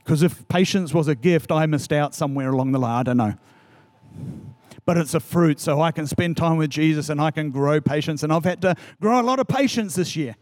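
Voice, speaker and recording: Earnest higher-voiced male pastor preaching. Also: brisk, darkish tone, dry recording. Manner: earnest, urging, repeats key phrases. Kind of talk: sermon and closing prayer.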